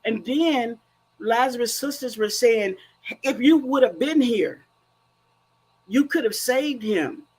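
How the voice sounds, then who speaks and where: A woman's voice: a little high, animated, slow, long pauses, darkish tone, husky, rough recording. A woman grief coach speaking earnestly and emphatically in a faith-based, preacherly way. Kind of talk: faith-based conversational talk.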